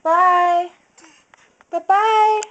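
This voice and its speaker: A woman's voice: very high voice, steady tone, drawn-out words, fairly bright tone, highs cut off. A woman filming her toddler at home on a handheld camera, coaxing the child in sing-song baby talk and repeating short phrases.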